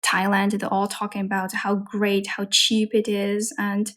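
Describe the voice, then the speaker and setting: A woman, a Mandarin speaker, hosting a casual live-stream chat in English with a relaxed, curious manner. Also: medium pitch, unhurried. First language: Mandarin Chinese. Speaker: livestream host.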